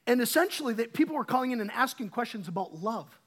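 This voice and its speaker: Male pastor, 30s, high light voice; chatty sermon with emphatic swells and halting restarts. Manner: animated, swings from quiet to emphatic; halting, repeats words when restarting. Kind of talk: conversational sermon.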